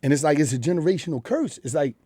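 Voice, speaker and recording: Fast-talking Philadelphia man, blunt. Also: fairly high pitch, expressive, warm tone, no echo, studio quality. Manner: blunt, profane street storytelling. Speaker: guest. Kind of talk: candid interview talk. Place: radio studio.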